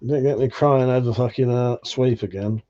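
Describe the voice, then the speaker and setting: A man's voice: mid-range voice, steady tone, normal speed, mellow. Tired male streamer, laid-back and sweary, on a dull lo-fi mic. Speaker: livestream host. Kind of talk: casual live chat.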